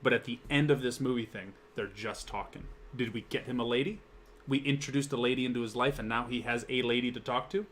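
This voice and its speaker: Young man, talk show co-host, casual chat, fast talker, rambling and profane, faint room noise. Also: mid-range voice, steady tone, fairly bright tone. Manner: rambling, profane, quick-talking.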